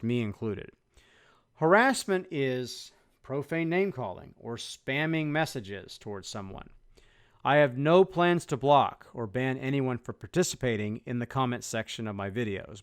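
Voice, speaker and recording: A man hosting his own channel, reading a scripted introduction in an earnest, measured way. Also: medium pitch, clear, resonant tone. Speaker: YouTube channel host.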